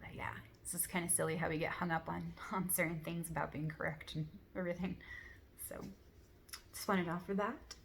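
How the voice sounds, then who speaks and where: Lowish gravelly woman just musing softly to camera, earnest, rambly, faint room hum behind. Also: steady tone, fairly quick. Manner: soft, rambling, many "like" fillers, gentle laughs; earnest, affirming. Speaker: spiritual vlogger. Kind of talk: casual reflective monologue.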